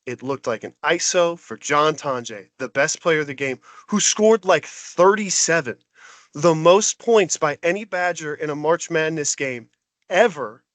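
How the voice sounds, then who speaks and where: High-voiced man on a sports rant. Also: unhurried, dry recording. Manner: exasperated, animated ranting. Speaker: podcast co-host.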